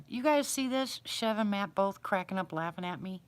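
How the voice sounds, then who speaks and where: A woman's voice: medium pitch, animated, normal speed, few pauses, clean tone. A middle-aged woman hosting a casual livestream, chatting and answering viewers by name. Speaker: livestream host. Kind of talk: casual live chat with viewers.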